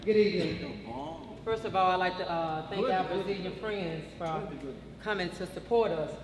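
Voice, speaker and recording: A man addressing a worker meeting in a measured, reflective way, putting questions to the listeners. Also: sits high. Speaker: meeting speaker. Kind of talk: speech at a meeting. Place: large meeting hall. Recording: echoey hall with faint room noise.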